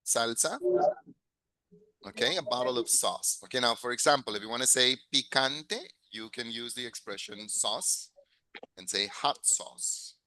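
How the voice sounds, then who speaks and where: Patient teacher. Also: male voice, medium pitch, unhurried, bright, forceful tone, dry recording, rough recording. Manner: patient, repeats and corrects words, praises students. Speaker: English teacher. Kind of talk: classroom lesson mixing English and Spanish.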